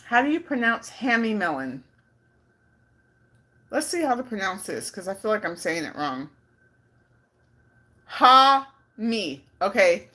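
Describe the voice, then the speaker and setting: A woman's voice: medium pitch, sing-song, normal speed, long pauses, fairly bright tone. A woman from California chatting casually on a live stream, playful and talkative, reading out viewer comments. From California, Bay Area. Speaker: vlogger on a livestream.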